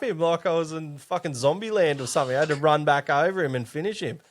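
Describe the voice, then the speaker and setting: A young Australian man, a podcast guest, telling animated stories full of swearing and laughter. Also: fairly high pitch, fast. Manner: animated, profane, laughing storyteller. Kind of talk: casual chat.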